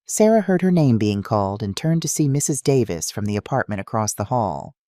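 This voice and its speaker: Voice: medium pitch, sing-song, a little fast, warm tone, dry recording, clean studio sound. A narrator reading a dramatic family story aloud in a scripted style.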